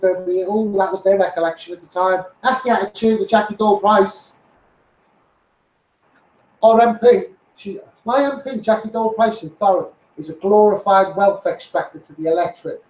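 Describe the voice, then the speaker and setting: A man's voice: high-pitched, normal speed, darkish tone. A middle-aged man with a Liverpool accent, delivering a blunt, sweary, heated political rant as a street campaigner. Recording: roomy echoey sound.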